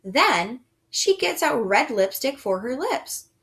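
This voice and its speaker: A woman's voice: high voice, big pitch swings, fairly bright tone. A woman teaching a first grade reading lesson, praising often and explaining sounds and words patiently for young children. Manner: slow, sing-song and encouraging, with frequent praise.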